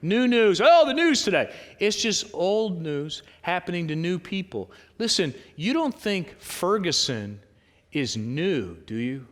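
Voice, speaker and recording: A male pastor delivers a sermon in a loose, conversational way, full of rhetorical questions and quick asides to the congregation. His voice sits a little high for a man. The sound carries a long reverb from the church sanctuary. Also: big pitch swings.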